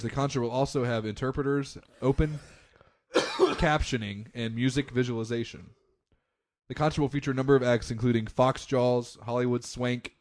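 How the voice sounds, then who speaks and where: A man co-hosting a podcast, reading out news stories with dry, teasing asides. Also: mid-range voice. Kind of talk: casual banter and news reading.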